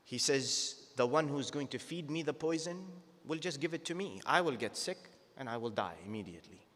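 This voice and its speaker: A man giving a sermon, moving from plain teaching into slow, sung mourning recitation. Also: mid-range voice, animated, a bit bright. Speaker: sheikh giving a Muharram night lecture. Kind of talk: sermon with chanted elegy. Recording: long hall reverb.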